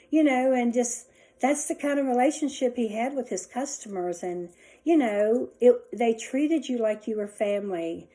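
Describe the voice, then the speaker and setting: A middle-aged woman tells a long personal story to her viewers from home. Her voice is mellow and warm. She rambles and restarts her sentences often. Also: fairly high pitch, poor audio. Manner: rambling, chatty, many restarts and asides. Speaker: vlogger. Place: indoors at home.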